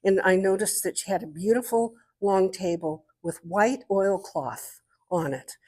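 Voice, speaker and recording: An older woman and guest artist speaking to an art club, telling lively stories and showing objects as she talks. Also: medium pitch, measured pace, slightly rough. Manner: lively storyteller, showing objects while talking. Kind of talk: storytelling talk to an art club.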